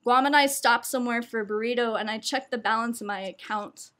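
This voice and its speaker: At a live showcase, a young woman shares a personal story in a slightly high voice, talking a little fast. She's lively and self-mocking, often laughing between lines as she pokes fun at herself.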